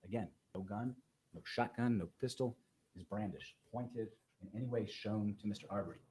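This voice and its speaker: Deep-ish voiced lawyer guy doing an opening statement in court, slow careful step by step. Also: dark tone, a little hiss or hum, rough recording. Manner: measured, methodical walkthrough of events. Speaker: defense attorney.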